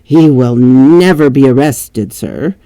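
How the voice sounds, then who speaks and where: A woman's voice: a bass voice, slow pace, dark tone, no room sound, studio quality, pitched below the performer's own voice, exaggerated voice. A woman voicing an anxious, superstitious old housekeeper with an English accent, fretting and complaining. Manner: fretful, complaining.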